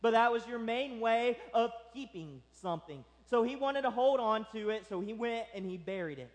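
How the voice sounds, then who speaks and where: A male pastor preaching a sermon, telling the story in a lively way and acting out its characters. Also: very high-pitched, normal speed, long reverb tail.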